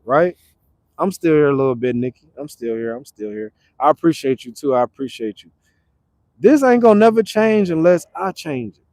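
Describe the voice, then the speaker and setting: A man from Detroit talking casually on a livestream, animated and repetitive, breaking into loud acted retorts. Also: medium pitch, dry recording. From Detroit, Michigan. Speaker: livestream host. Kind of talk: casual motivational livestream talk. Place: now staying in Arizona.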